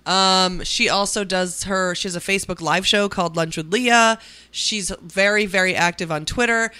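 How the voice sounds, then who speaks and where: A young woman co-hosting a podcast in casual chat, playful and quick with goofy bits. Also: mid-range voice, fairly even intonation, pushed and bright, clear, resonant tone. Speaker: podcast co-host.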